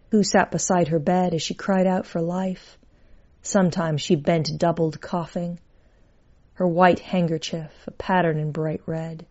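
A woman reading a story aloud in a measured, wry storytelling manner. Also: fairly low pitch, darkish tone. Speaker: narrator. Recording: dull lo-fi recording.

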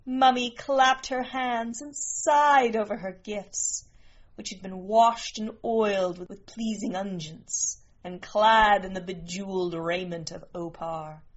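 Woman narrator, unhurried storybook reading, slightly muffled lo-fi sound. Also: medium pitch, steady tone, soft background music. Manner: slow, measured reading. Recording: muffled lo-fi recording.

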